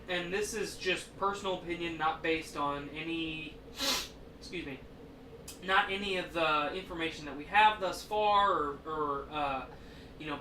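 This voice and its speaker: A man's voice: fairly high pitch, pushed and bright, slight background noise. A man hosting a podcast in casual chat, a rambling storyteller who swears a lot. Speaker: podcast host. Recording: echoey room, distant mic.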